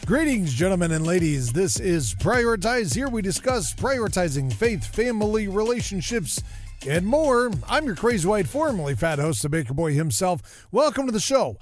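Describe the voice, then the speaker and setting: A middle-aged man hosting a podcast, talking in a jokey, self-mocking, animated way. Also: high voice, normal speed, hardly any pauses, soft background music. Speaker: podcast host. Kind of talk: casual comedic podcast monologue.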